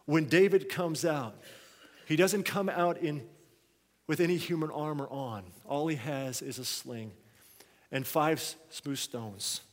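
A man preaches a sermon in a lively storytelling manner. He drops to low, quiet asides and then rises to loud, urgent exhortation. His fairly high voice carries a long hall reverb.

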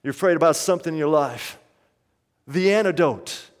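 Leading his congregation in call-and-response, this preacher sounds animated, with a slightly high voice and moderate pace. His sermon is emphatic and returns to key lines again and again, echoing through a big hall's long reverb.

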